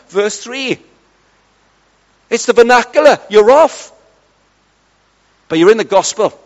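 A middle-aged man preaching, telling lively stories and acting out conversations with his mates. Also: high-pitched, measured pace, pauses often. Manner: lively, chatty, acts out dialogue with friends. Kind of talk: storytelling sermon. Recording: dull sound in a large reverberant hall.

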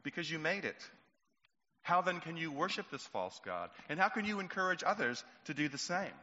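A man's voice: high voice, big pitch swings, fast talker, pitched above the performer's own voice, heavily acted. A man voicing an earnest young son who pleads and reasons with his father. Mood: gently reproachful. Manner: pleading, then quietly reasoning. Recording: echoey hall, dull lo-fi sound.

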